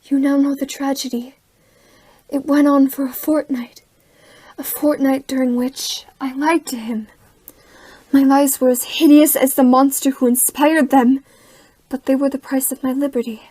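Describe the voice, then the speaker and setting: A woman playing a young woman who recounts a terrifying captivity in hushed, haunted narration. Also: high-pitched, flat delivery, a little slow, dry recording. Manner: hushed, haunted recounting, rising into frantic cries. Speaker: actress narrating in a student short film. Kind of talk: dramatic storytelling narration.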